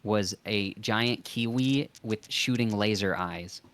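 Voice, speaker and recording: A young man from Canada, a guest on a casual stream, talking bluntly and playfully with excitable energy. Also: on the low side, slow. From Ontario, Canada.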